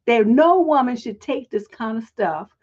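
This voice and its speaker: Woman relationship coach, high voice, blunt profane ranting, dull lo-fi sound. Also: animated, unhurried, a little mellow. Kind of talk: livestream advice show.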